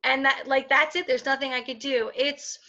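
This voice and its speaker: A woman's voice: high-pitched, fairly even intonation, moderate pace, pushed and bright. A woman in her twenties, a podcast guest, talking candidly with lots of fillers and restarts. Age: 20s. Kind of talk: casual interview conversation. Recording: dull lo-fi sound.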